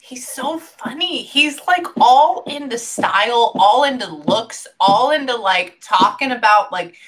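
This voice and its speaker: A woman's voice: fairly high pitch, lively intonation, a little slow, a bit bright. A woman working as a psychic medium in a reading session, often stopping to listen and then passing on what she hears. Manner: breaks off often to listen, then relays quotes. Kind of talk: reading session, relaying messages.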